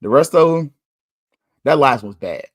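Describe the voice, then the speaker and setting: A man hosting a podcast, talking candidly in a casual monologue, chatty and quick to laugh. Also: medium pitch, expressive, no echo, clean studio sound. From United States. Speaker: podcast host.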